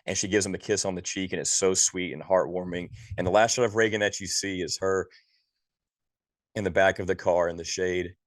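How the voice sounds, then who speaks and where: Male podcast co-host, very low voice, dry close sound, exasperated and profane ranting. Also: steady tone, fairly quick, no echo. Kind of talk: casual movie review chat.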